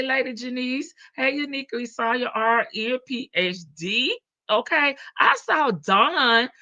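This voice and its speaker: A woman's voice: on the high side, pushed and bright, dull audio. A woman hosting a livestream, chatting casually, greeting viewers by name and laughing often. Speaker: livestream host. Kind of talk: casual chat reading out live comments.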